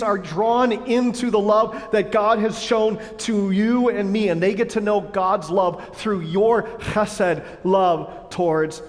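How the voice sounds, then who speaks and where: A high-voiced male pastor preaches an emphatic sermon, stacking lists of words one after another. His voice carries a long reverb through a large church sanctuary.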